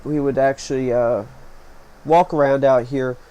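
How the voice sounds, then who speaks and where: This vlog host talks unhurriedly in a warm, steady, medium-pitched voice, narrating his own footage in a rambling, chatty style full of fillers. The poor audio, recorded at home in a small hot room, carries faint fan noise.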